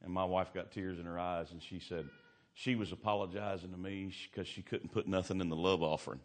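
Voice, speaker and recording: A man with a fairly low voice preaches a fervent sermon. His talk is plain and folksy, and his voice surges up to loud, climbing peaks, then drops to a hushed storytelling tone. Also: steady tone, brisk. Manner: folksy, colloquial grammar.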